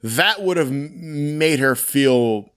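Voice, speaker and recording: A man co-hosting a casual film review podcast, talking animatedly and acting out quick quoted lines. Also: a little high, lively intonation, fairly bright tone, clear, resonant tone. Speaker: podcast co-host.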